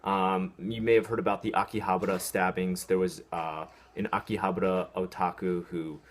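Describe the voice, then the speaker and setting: A man's voice: sits low, little pitch movement, normal speed, a little hiss or hum. An American man ranting sarcastically about an article in a casual vlog, with a lot of ums and restarts. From United States. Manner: sarcastic, mocking, talks in spurts with fillers. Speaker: video host reacting to an article.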